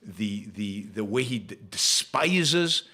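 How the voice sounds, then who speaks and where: A man's voice: on the low side, expressive, slow, bright, forceful tone, breathy edge. A man hosting his own show, delivering an opinionated solo commentary monologue and repeating phrases for emphasis. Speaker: show host.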